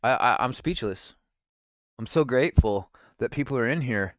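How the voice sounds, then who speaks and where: A man's voice: mid-range voice, moderate pace, no room sound, muffled recording. A young man streaming live, chatting casually with his viewers and swearing freely. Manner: animated, swearing, talks to chat. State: recovering from gallstones.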